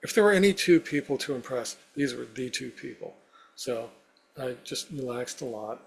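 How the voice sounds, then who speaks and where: A man's voice: mid-range voice, expressive, normal speed, vocal fry, husky. A man as an interview guest, telling a personal story step by step with many "you know" fillers.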